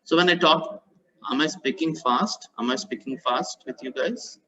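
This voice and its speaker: A man with a slightly high, bright, pushed voice teaches maths at a normal pace in a live online class. As the maths tutor, he repeats phrases, corrects himself mid-flow and praises his students, all over dull, lo-fi online call audio.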